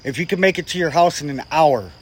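A man's voice: a little high, animated, fast talker, slight background noise. A man telling a story in casual chat, swearing freely and acting out what people said. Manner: profane, acts out quoted people. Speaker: guest storyteller.

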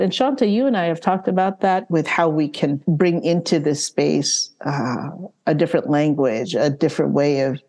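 A low-pitched woman hosting a podcast conversation. She speaks from the heart, stumbling over repeated words as she gathers her thoughts, with laughter mixed in. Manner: stammering restarts, warm questioning, laughs. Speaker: podcast host.

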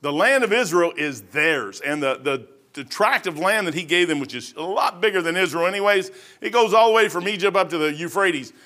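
A middle-aged man preaching an informal, rambling sermon, folksy in manner and rising to loud, emphatic bursts. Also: sits high, animated, fairly quick, hardly any pauses.

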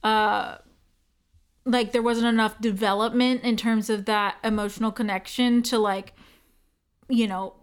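A woman's voice: a little high, fairly even intonation, a little slow, long pauses, clear, resonant tone. A woman co-hosting a podcast, chatting casually about a film, laughing often and filling her talk with likes and you knows. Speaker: podcast co-host.

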